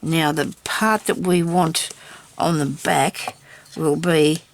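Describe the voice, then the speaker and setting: Speaking slowly in a steady, low-sitting voice with vocal fry, a woman films a crafting tutorial. She chats casually to herself and viewers while working, teasing herself with small laughs. A little hiss or hum runs through the recording.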